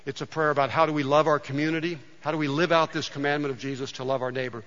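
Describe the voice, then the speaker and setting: A man's voice: fairly high pitch, fairly even intonation, quick pace, hardly any pauses, fairly bright tone. Man preaching in a reverberant hall. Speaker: pastor. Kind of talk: sermon. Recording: dull sound with long hall reverb.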